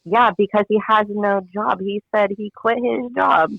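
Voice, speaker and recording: A man telling a story in a casual chat, animated and profane, acting out what everyone said. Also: sits high, measured pace, vocal fry, dry recording, dull audio. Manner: animated, profane, dramatic retelling with quoted voices. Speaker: guest friend telling a story.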